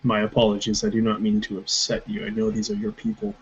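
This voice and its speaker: A man voicing a polite, calm dragonborn adventurer who speaks in a measured way. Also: fairly low pitch, gravelly, husky, lo-fi sound, heavily acted. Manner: courteous, measured.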